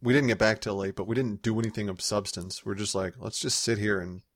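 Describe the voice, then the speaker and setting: A man's voice: on the low side, fairly even intonation, brisk, no room sound. Man, casual podcast chat, rambling storyteller, dry close sound. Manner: rambling, with frequent restarts and laughs. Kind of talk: casual chat recounting a convention trip.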